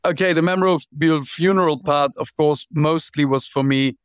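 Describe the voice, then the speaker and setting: A man guest author telling stories in an interview, animated, often restarting and repeating words. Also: on the high side, normal speed, smooth, no echo. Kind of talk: interview storytelling.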